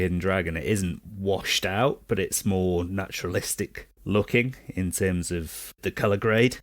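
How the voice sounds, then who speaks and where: A man co-hosting a casual film podcast, analysing films in a thoughtful, measured way with some fillers. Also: sits low, no echo, studio quality. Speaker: podcast co-host.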